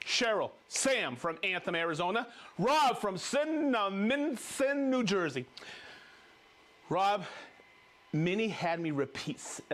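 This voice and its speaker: A man hosting a live stream, joking and reading out viewers' names with excited whoops. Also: sits high. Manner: upbeat, jokey, reads viewer names with whoops. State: recovering from a cold. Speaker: livestream host.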